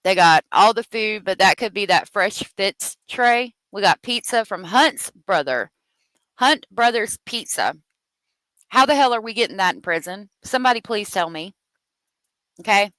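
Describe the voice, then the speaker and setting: A woman's voice: mid-range voice, animated, measured pace, a bit bright, dry recording, rough recording. A woman hosting a true crime livestream, heated and profane as she talks, thanking viewers for their donations. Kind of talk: angry live commentary.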